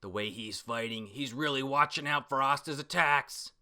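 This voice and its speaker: A man's voice: medium pitch, normal speed, bright, forceful tone. A man doing a fierce rallying captain. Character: fierce battle-hardened male captain, rallying.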